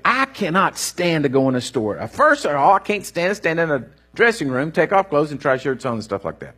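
Husky, animated preacher man. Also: a little high, fairly quick, hardly any pauses. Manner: animated, folksy storytelling with rising bursts. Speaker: pastor. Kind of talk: sermon.

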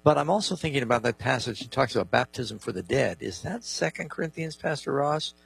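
Radio Bible show co-host, male, gravelly and husky tone, dry studio sound, explains and reads scripture. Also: medium pitch, expressive, fairly quick, no room sound, low-quality recording. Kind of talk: radio call-in Bible answers.

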